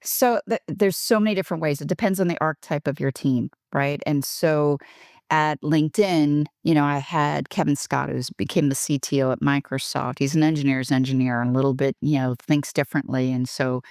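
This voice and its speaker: Low-voiced, candid woman telling stories. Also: fairly even intonation, fairly quick, a little mellow, dry recording, studio quality. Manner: frank, self-deprecating, laughs often, acts out dialogue. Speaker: guest, HR executive. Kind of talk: candid podcast storytelling.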